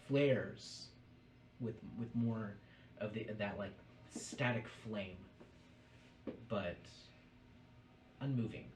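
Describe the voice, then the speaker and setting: Slow, low-voiced game master man. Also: steady tone, a little mellow. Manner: descriptive, measured. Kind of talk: narrating a tabletop game. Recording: roomy distant mic, faint noise.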